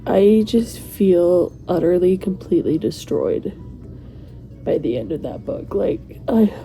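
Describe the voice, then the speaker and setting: A woman's voice: lowish voice, animated, measured pace, warm tone, soft background music. A woman talking emotionally about a book in a casual vlog, rambling and restarting her sentences. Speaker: book reviewer.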